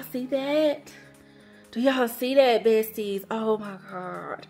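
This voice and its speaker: A young woman vlogger gushing through an excited unboxing chat, repeating her words and calling out to her viewers. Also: fairly high pitch, takes it slowly, soft background music. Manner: gushing, repeats words, says y'all a lot. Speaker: planner vlogger.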